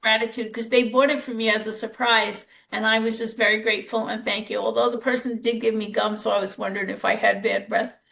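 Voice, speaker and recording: A woman's voice: a little high, level tone, brisk, vocal fry, few pauses, a bit bright. A woman podcast host who works as a nurse, chatting and telling stories from her job, quoting herself along the way. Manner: chatty, storytelling, quotes herself. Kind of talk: podcast conversation.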